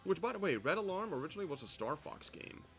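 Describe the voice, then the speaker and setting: Rambling man with a lively voice. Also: on the high side, quick pace, faint music behind. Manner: rambling, many fillers. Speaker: video creator commentating. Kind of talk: casual commentary.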